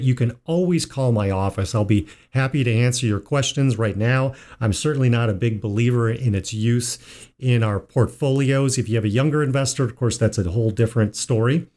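A man hosting a financial talk show, telling a joke slowly in a folksy way. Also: medium pitch, a little mellow. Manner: unhurried, folksy storyteller. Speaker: financial advisor and show host. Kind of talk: casual radio talk with told jokes.

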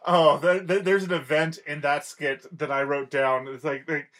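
A man's voice: on the high side, little pitch movement, normal speed, a bit bright. A man co-hosting a podcast, casually explaining anime scenes in an eager way with frequent restarts. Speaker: podcast co-host. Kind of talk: casual chat recapping an anime.

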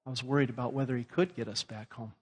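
A man's voice: mid-range voice, steady tone, fast talker, darkish tone, husky, in a large hall. A man from Louisiana preaching a sermon and telling stories, acting out the voices he quotes. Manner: storytelling, acts out quoted voices. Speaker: pastor.

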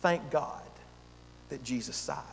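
High-voiced man preaching with dramatic swings. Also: gravelly, big-room sound, a little hiss or hum. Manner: emphatic preaching with dramatic pauses and swings in loudness. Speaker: pastor. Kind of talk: sermon.

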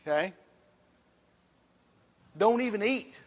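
A man's voice: high-pitched, expressive, takes it slowly, breathy edge. A man teaching a church Bible class, quizzing the class and repeating his points as he writes on a board. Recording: long reverb in a hall.

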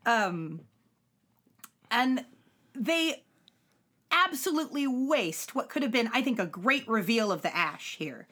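A woman's voice: a little high, takes it slowly, pauses often. A woman podcast co-host, recapping a show in casual chat and acting out characters' lines. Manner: animated, acts out character lines in put-on voices.

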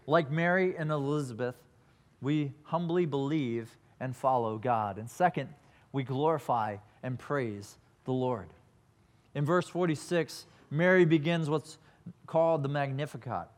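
A man preaching a sermon, telling a scripture story earnestly and reading verses aloud. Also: a little high. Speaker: pastor.

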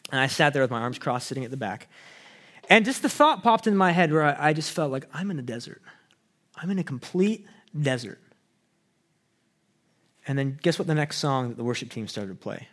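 A man's voice: mid-range voice, lively intonation, fast talker, fairly bright tone. A young man from Canada, a student pastor, telling a personal faith story in an earnest, conversational way with frequent fillers and restarts. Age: young adult. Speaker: pastoral student sharing testimony. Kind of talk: personal testimony talk.

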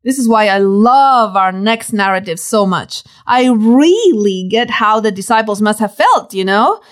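A woman's voice: mid-range voice, lively intonation, measured pace. A woman reading her own devotional book aloud, telling stories with dramatic, preacherly emphasis.

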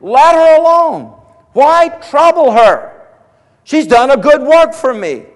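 Jesus, as a preacher booms him out, commanding. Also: male voice, big pitch swings, takes it slowly, exaggerated voice. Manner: loud, forceful rebuke. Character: Jesus, commanding and protective adult man. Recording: long hall reverb.

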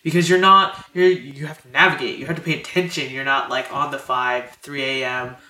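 A woman's voice: extremely low pitch, steady tone, fairly quick, pushed and bright. A young woman co-hosting a podcast, chatting casually and reflectively with lots of "like" and "you know". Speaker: podcast co-host. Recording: roomy echo.

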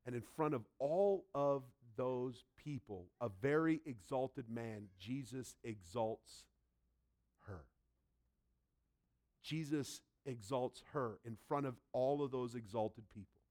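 A man preaching a sermon emphatically, swinging between loud and soft and acting out quotes from the story. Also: medium pitch, slow. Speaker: pastor.

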